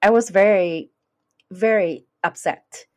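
A woman's voice: mid-range voice, slow, a little mellow. A woman with a non-native English accent telling a personal story earnestly in conversation, acting out the dialogue. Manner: earnest, acts out quoted dialogue. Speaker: guest.

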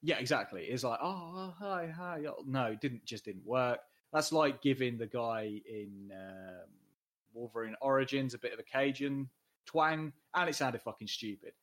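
A man's voice: medium pitch, moderate pace, fairly bright tone. Blunt, sweary man talking films. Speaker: podcast co-host. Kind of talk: casual film discussion.

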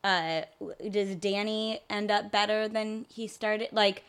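A woman's voice: medium pitch, steady tone, slow pace, smooth. A young woman co-hosting a casual podcast chat about a film, talking loosely with lots of filler words. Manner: chatty, many "like" fillers, quotes song lyrics. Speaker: podcast co-host.

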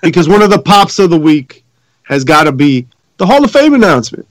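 A man's voice: a little high, very animated, fairly quick, dry recording. A man co-hosting a wrestling podcast, bantering and teasing his friends. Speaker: podcast co-host. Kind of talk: casual wrestling chat.

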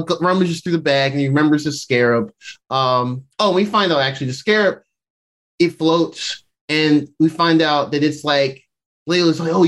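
Speaking in a slightly high, fairly bright voice, the podcast host rambles through an episode recap. He's heavy on fillers, performs the characters' quotes, and laughs a lot.

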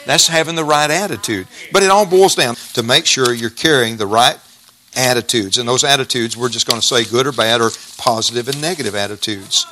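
A man's voice: medium pitch, brisk, bright, forceful tone, slight background noise. A middle-aged male pastor preaching a sermon in a folksy, emphatic way, repeating key phrases.

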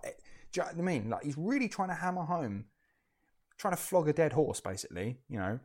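A man's voice: on the high side, big pitch swings, quick pace. A man hosting a casual history podcast, blunt and sweary, stumbling over restarts as he talks. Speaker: podcast host.

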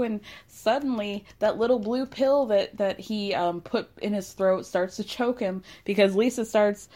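A woman recapping a story in casual chat, animated and gossipy, laughing often. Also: mid-range voice, unhurried.

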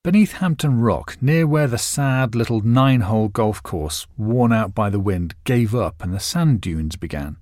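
A man narrates a novel in expressive, scripted storytelling. His pitch moves freely and colorfully through each line. The sound is dry and close, with no room echo. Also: moderate pace, few pauses. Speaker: audiobook narrator.

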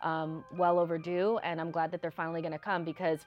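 A woman with a lower voice gives her opinion in a loose, rambling way full of "like" and "you know". Faint music sits behind her. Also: level tone, fast, muffled recording. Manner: rambling, many fillers and restarts. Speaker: podcast co-host. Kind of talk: casual opinion chat.

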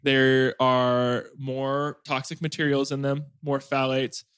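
Speaking slowly in a clear, resonant mid-range voice, a late-twenties male podcast host rambles through animated stories in a casual family chat. He fills his speech with "like," and there is no room sound at all.

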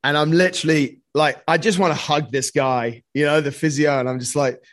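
A man's voice: on the high side, steady tone, fairly quick, no echo. Earnest man, dry close sound. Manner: earnest, says "mate" often, swears. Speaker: podcast guest. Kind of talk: casual storytelling conversation.

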